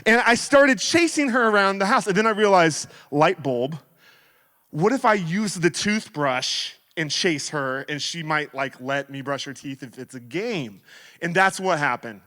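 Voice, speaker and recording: A man in his thirties giving a sermon as guest speaker, telling stories in a playful, animated way. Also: on the high side, unhurried. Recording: reverberant hall.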